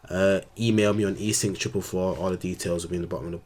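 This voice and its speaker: Deep-voiced laid-back man. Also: fairly even intonation, quick pace, a little mellow. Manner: rambling, slangy, laid-back. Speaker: astrologer. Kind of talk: casual vlog commentary.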